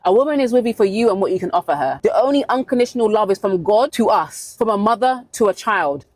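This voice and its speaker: A woman's voice: medium pitch, animated, fast, darkish tone, no room sound. A woman giving blunt dating advice in a vlog monologue, stressing her points and repeating them for emphasis.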